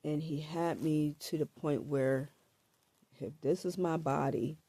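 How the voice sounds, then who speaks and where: A woman with a low, gravelly, husky voice, her throat scratchy from allergies, tells her own story to camera. She speaks slowly and haltingly, repeating words and filling gaps with "like" and "um," her tone mellow, dark, and fairly even. The recording is dry and close, with no room sound.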